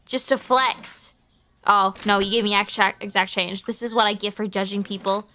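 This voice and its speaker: A woman's voice: medium pitch, steady tone, moderate pace, pushed and bright, slight background noise. A young woman streaming a game, chatting playfully and crudely as she greets and teases the customers. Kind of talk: live game-stream commentary.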